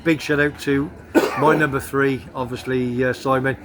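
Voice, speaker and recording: A man's voice: medium pitch, steady tone, normal speed, background noise. A man hosting a casual football chat show, talking in a chatty, rambling way with restarts. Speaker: host. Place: home in Tenerife.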